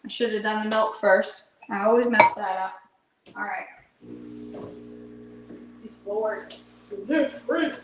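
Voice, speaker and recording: Over music and in a roomy space, a woman with a mid-range voice speaks slowly and pauses often, and the audio quality is poor. She's hosting a live cooking show from her home kitchen, chatting to herself and her viewers in folksy slang as she works.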